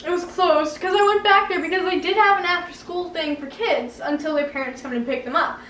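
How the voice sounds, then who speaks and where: A young woman telling a childhood story at home in an animated, dramatic way, often breaking into laughter. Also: very high-pitched, a little fast, distant mic, a little hiss or hum. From Canada. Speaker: vlogger. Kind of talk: story-time vlog. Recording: roomy room, a bit off mic.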